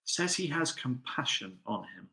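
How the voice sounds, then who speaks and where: A man's voice: medium pitch, very animated, unhurried, sharp tone. A man preaching a sermon, telling a story with rhetorical questions. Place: church. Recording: echoey church hall.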